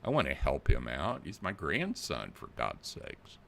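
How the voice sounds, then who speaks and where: A man's voice: rumbling low, wildly swooping pitch, unhurried, gravelly, fairly bright tone, slight background noise, pitched below the performer's own voice, heavily acted. A man voicing a flustered elderly grandmother who speaks with a Southern accent, stammering and pleading. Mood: anxious.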